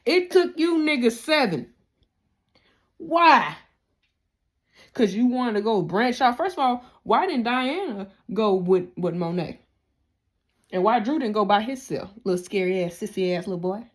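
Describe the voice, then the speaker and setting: A woman hosting a casual TV recap, ranting with heated, profane rhetorical questions and big swings in pitch and loudness. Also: animated, moderate pace. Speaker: TV recap host.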